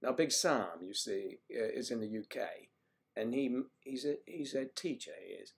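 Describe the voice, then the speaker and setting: A man's voice: mid-range voice, expressive, normal speed, creaky. Older man rambling on a livestream. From US East Coast. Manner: rambling, chatty, greets viewers by name. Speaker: livestream host. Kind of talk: casual livestream chat reading viewer comments.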